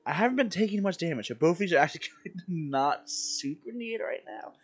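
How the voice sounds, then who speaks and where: Brief: casual game streamer, man from Maryland, chatty with chat, slightly high voice. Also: animated, a little fast, husky. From Maryland, USA. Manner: rambling, self-deprecating, chatty with viewers. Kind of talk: casual live-stream chat while playing.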